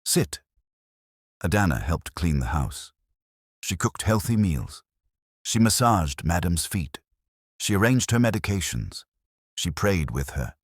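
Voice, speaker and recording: A man narrates a folktale from a script, in a dramatic and expressive way. His voice is extremely deep and husky. The recording is dry and close, with no room sound. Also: unhurried, no room sound. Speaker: storyteller.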